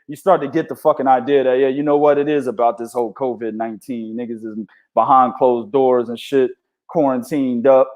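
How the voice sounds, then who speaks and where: A man's voice: mid-range voice, brisk. A man co-hosting a casual boxing podcast, talking with heavy slang and profanity and telling stories. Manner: profane, animated, storytelling with slang. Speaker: podcast co-host.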